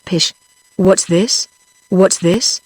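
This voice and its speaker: A text-to-speech woman's voice with a British English accent reading the lines of a gruff, blustering elderly earl flatly. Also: lowish voice, extremely slow, no echo, heavily acted.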